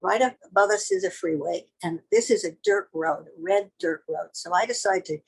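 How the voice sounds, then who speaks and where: Husky older woman telling a blunt story. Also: mid-range voice, moderate pace, low-quality recording. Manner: vivid, blunt, profane storytelling. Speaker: tattoo artist telling a story. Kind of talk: casual storytelling.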